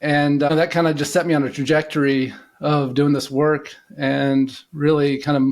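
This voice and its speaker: A man's voice: a little high, moderate pace. Rambling middle-aged man telling a story. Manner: relaxed and rambling, many "you know" fillers. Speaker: podcast guest, intuitive coach. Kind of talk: casual storytelling in an interview.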